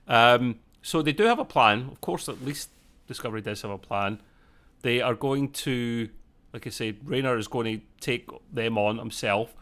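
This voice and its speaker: A man's voice: mid-range voice, gravelly, fairly bright tone. A man co-hosting a casual live discussion, rambling and self-correcting with jokey asides. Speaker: podcast co-host.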